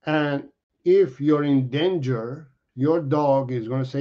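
Slow, earnest male dog trainer. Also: medium pitch. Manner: earnest, repeats himself, halting restarts. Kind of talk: explaining to viewers. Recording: dull lo-fi audio.

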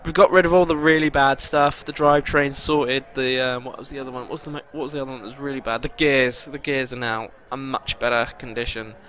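A man's voice: medium pitch, fairly even intonation, fast talker, hardly any pauses, a bit bright. A man giving let's play commentary, talking anxiously to himself and swearing. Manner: anxious, swearing self-talk. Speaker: gaming commentator. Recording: game music behind. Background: racing game music.

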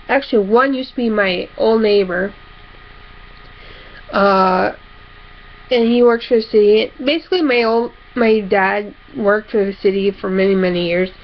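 A woman talks casually to her camera, rambling and correcting herself as she goes. Her voice carries a gravelly fry at mid pitch. The home recording sounds dull and lo-fi. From upper Midwest of the United States. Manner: rambling, self-correcting storytelling. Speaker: vlogger. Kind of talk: casual chat.

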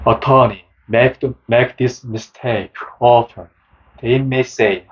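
A man reading a book summary aloud as scripted narration, slow and measured. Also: medium pitch, steady tone, slight background noise. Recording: dull, lo-fi sound.

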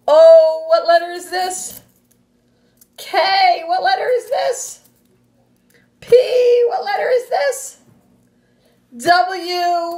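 A woman teacher reading a picture book aloud to young children, animated and expressive, with gasps and playful sound effects, then giving the class instructions. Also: extremely high pitch. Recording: roomy echo.

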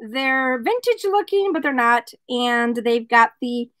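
A woman hosting a relaxed jewelry vlog, chatting and joking with her viewers. Her voice is high, bright and animated, swooping up and down. She takes her time as she talks. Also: measured pace, dry recording, rough recording. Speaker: jewelry seller. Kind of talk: casual product vlog with joke telling.

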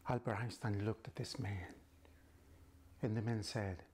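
A man's voice: fairly low pitch, steady tone, unhurried, darkish tone, slight background noise. A man telling a story dramatically, often dropping to a whisper.

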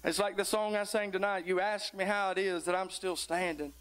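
A man's voice: sits high, fairly even intonation, brisk, a bit bright. A middle-aged man, preaching a folksy sermon that builds into fervent exhortation. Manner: tired near the end.

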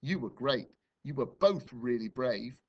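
A man's voice: mid-range voice, expressive, a little slow, muffled recording. A man voicing a brave young male cat in a read-aloud story, speaking earnestly and reassuringly.

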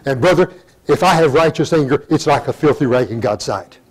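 An older man giving a sermon, reading scripture in old-fashioned wording and breaking into sudden loud emphatic rises. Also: medium pitch, expressive, brisk, breathy edge, poor audio. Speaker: pastor.

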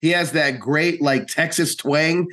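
A man's voice: on the high side, a little slow, fairly bright tone. A man interviewing a director about a film, speaking with enthusiasm. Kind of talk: entertainment interview.

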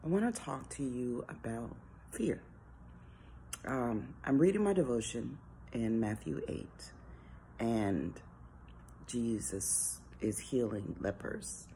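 A woman's voice: rumbling low, dark tone, slight background noise. A woman giving an informal devotional talk, earnest and conversational, asking rhetorical questions. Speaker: devotional speaker.

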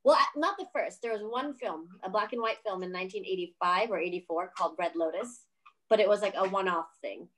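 A woman film director telling a story in a casual interview, animated, laughing often, swearing freely and acting out what others said. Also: medium pitch, brisk.

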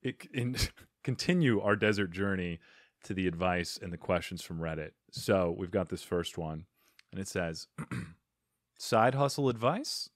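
A man's voice: sits low, measured pace, no echo, studio quality. A man hosting a casual comedy podcast, laughing often and reading listener questions aloud with stumbles. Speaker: podcast host.

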